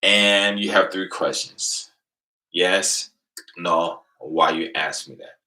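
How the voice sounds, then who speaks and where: A middle-aged man from Venice, California, telling a profane, boastful story on a livestream, swinging between low mutters and loud outbursts. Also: slow, rough recording. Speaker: livestream host. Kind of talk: casual storytelling.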